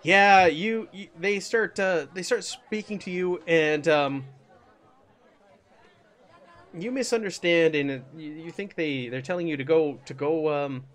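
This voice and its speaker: Man GM, slightly high voice, rambling and loose with fillers. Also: measured pace, a bit bright, a faint crowd. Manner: rambling, many fillers and restarts. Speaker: game master. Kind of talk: narrating a tabletop game.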